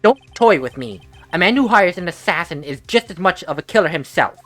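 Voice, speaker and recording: Brief: rattled young defense attorney, voiced by a woman, low pitch, faint music behind. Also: expressive, brisk, fairly bright tone. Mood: urgent. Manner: urgent, stammering. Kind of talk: fan voice-over of a game.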